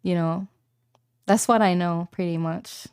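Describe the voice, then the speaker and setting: A woman's voice: lowish voice, fairly even intonation, measured pace, darkish tone, clear, resonant tone, dry recording, studio quality. A young woman from Sweden, chatting casually and rambling to her stream audience with lots of fillers.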